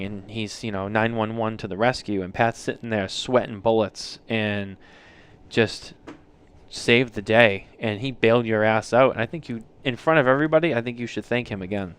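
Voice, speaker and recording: A man's voice: lowish voice, normal speed, fairly bright tone, clear, resonant tone. A man hosting a podcast, chatting casually, joking and teasing his co-hosts with some swearing. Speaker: podcast host. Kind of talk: casual chat. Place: podcast studio lounge.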